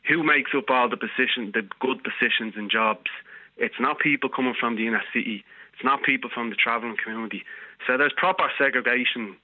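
A man's voice: mid-range voice, brisk, no room sound. A man with a broad Dublin working-class accent argues his point over a thin, tinny phone line. He keeps pressing and cutting back in, repeating himself to hold the floor, and the sound is dry and close. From Ireland. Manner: insistent, talks over the host, repeats phrases. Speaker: radio caller. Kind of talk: heated phone-in argument.

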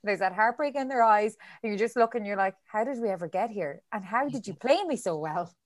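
A woman's voice: mid-range voice, expressive, brisk. A woman co-hosting a podcast, chatting freely and laughing along with her guests. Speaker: podcast co-host. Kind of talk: casual chat.

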